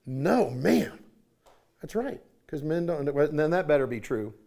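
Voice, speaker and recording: Animated and mellow, this middle-aged conference speaker has a fairly high pitch and a moderate pace. He preaches in a church sanctuary, weaving folksy anecdotes into his sermon and performing the characters' voices.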